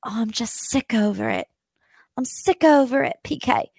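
A woman's voice: a little high, moderate pace, creaky, a little mellow, husky, no echo, pitched above the performer's own voice. A woman voicing a haughty woman reality star in a mocking, exaggerated drawl with a jumbled accent.

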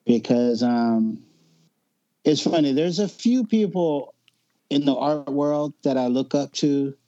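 A man in his forties from Hawaii, a guest artist telling stories in a relaxed, slangy chat. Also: medium pitch, no room sound, highs cut off. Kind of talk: casual chat.

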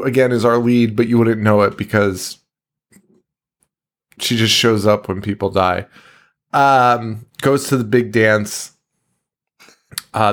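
Male podcast co-host, casual and profane, exasperated recap delivery. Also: medium pitch. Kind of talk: casual movie recap chat.

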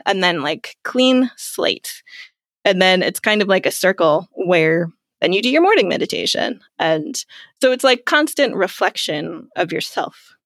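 A woman's voice: mid-range voice, very animated, normal speed, fairly bright tone, no room sound, clean studio sound. A woman speaking as a guest in a casual interview, chatty, with many fillers and frequent laughs. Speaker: guest, clarity coach.

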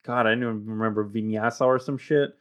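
A man's voice: lowish voice, steady tone, fast talker. A man in casual conversation, blunt and chatty, casually swearing and often restarting sentences. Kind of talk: casual chat.

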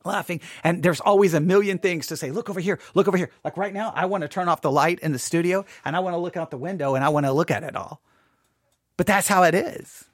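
A man hosting a Bible podcast, chatting casually and restarting his sentences, then reading scripture slowly and solemnly. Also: fairly high pitch, no room sound. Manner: chatty and self-interrupting, reads scripture in a slow solemn cadence. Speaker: podcast host and Bible teacher. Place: small home studio.

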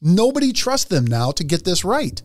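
A man's voice: high-pitched, sing-song, moderate pace, darkish tone, no room sound, studio quality. A man co-hosting a podcast in casual chat, rambling and laughing as he talks, sometimes reading news items aloud. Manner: rambling, laughs between words. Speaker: podcast co-host.

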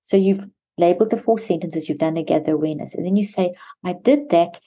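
Warm low-voiced woman explaining steps. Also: quick pace, slight background noise. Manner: earnest, instructive, walks through examples step by step. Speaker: podcast guest, mental health expert. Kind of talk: explaining steps in a podcast interview.

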